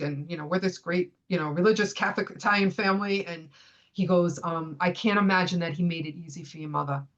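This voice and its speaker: Speaking in a fairly low voice over lo-fi audio, a woman in her fifties from the United States recounts a personal story as a guest on a podcast. It's casual talk, delivered with energy, and she voices the lines of the people involved.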